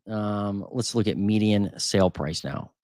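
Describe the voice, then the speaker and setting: A man with a lowish, slightly mellow voice speaks a little slowly in a studio-quality recording with no echo. Hosting a housing market channel, he reads through market figures in casual live commentary, thinking aloud and repeating numbers.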